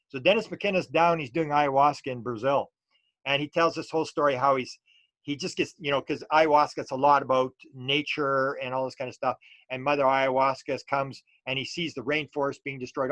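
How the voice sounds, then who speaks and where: A man's voice: medium pitch, a bit bright, no echo. A middle-aged man, a UFO researcher talking as an interview guest and telling stories loosely with many restarts and fillers. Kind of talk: casual storytelling interview.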